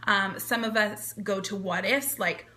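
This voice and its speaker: A woman in her thirties, a performance coach, giving calm, encouraging advice on a live video talk. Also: medium pitch, a little slow.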